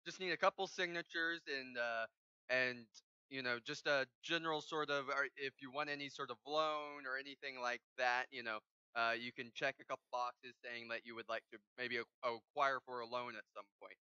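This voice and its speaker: A man voicing an eager, ingratiating middle-aged banker making a sales pitch. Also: fairly even intonation, normal speed, bright, forceful tone, clear, resonant tone, no room sound, muffled recording.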